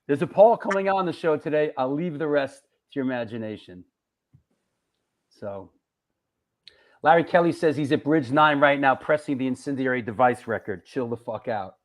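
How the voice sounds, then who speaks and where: A man from New York hosting a live show, chatting casually, joking and giving shout-outs to viewers. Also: mid-range voice, normal speed. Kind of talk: casual live-stream chat reading viewer comments.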